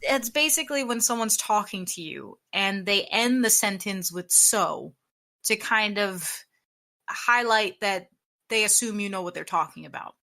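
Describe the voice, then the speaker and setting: A young woman co-hosting a casual podcast chat, her voice bright and edged. She talks bluntly, sounds exasperated with what she dislikes and swears freely. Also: mid-range voice, moderate pace. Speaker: podcast co-host.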